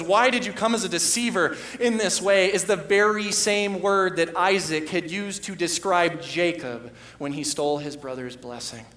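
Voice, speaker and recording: A man preaching a sermon as pastor, moving from hushed storytelling to loud, impassioned emphasis. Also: high-pitched, reverberant. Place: church sanctuary.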